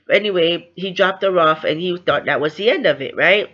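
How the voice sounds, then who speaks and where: A woman's voice: fairly low pitch, brisk, a bit bright, muffled recording. A woman giving a casual book recap, chatty and loose, often slipping into the characters' lines as she retells the story. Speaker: book reviewer.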